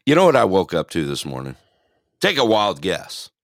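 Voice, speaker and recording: A man's voice: sits low, no echo, clean studio sound. A man hosting a casual online radio talk show, rambling and teasing with frequent laughter. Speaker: host.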